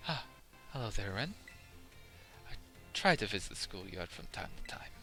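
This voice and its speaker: A man voicing a kindly old man who enjoys watching students, speaking gently. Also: fairly low pitch, sing-song, normal speed, faint music behind. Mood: genial.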